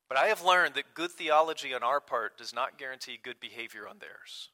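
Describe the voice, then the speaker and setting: A man delivers a sermon in an earnest preaching manner. His voice is strikingly bright and cutting, and his pitch sits at an ordinary middle height. He leans hard into key phrases, then drops to hushed, quiet asides. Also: expressive, brisk, few pauses. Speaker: pastor.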